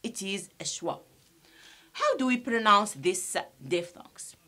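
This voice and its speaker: A woman teaching an English pronunciation lesson, slowly and deliberately, repeating each sound for her students and explaining some points in Arabic. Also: mid-range voice, big pitch swings, sharp tone. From Algeria.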